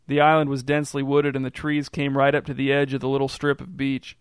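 Man, story narrator, even measured delivery, very flat intonation, smooth resonant tone, dry close sound. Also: mid-range voice, no room sound.

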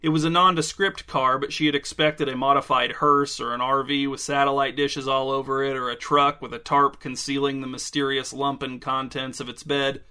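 A man narrating a story in a dry, deadpan way. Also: medium pitch, clean tone.

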